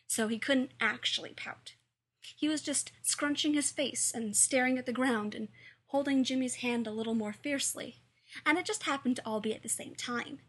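A woman narrates a story in a light, playful way. Her voice is very bright and somewhat high, with a breathy, husky grain. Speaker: fan fiction reader and author.

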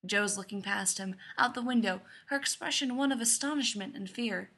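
A woman reading a story aloud in a lively, expressive way. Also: medium pitch, moderate pace, few pauses. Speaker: reader.

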